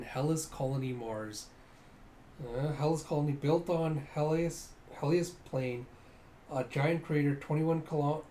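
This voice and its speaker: Animated man reading a comic aloud. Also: mid-range voice. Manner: animated, describes panels and acts out lines. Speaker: reader of a comic. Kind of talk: casual comic readthrough. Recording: roomy echo, faint noise.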